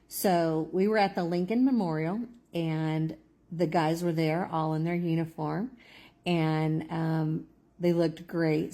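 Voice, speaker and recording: A woman calmly telling a story in a measured way, with a few hesitations. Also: low-pitched. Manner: calm, measured, some hesitations. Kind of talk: casual storytelling.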